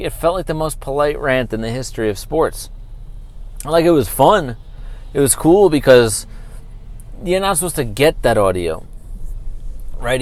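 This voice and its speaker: A man talking into his own podcast mic about sports, loose and unscripted. He rambles, circles back and piles on fillers as he riffs. His voice sits at an ordinary middle pitch for a man. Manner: animated, talky, with many fillers and asides. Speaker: podcast host. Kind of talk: casual solo sports podcast rant.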